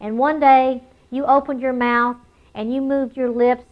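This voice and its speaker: Woman preacher, high voice, emphatic sermon delivery, slightly muffled lo-fi sound. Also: level tone. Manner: emphatic, slows and repeats key phrases.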